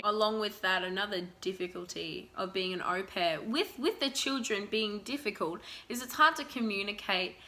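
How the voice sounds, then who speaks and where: A young woman, telling stories in a chatty, animated, self-mocking way in a casual vlog. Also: medium pitch. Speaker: vlogger.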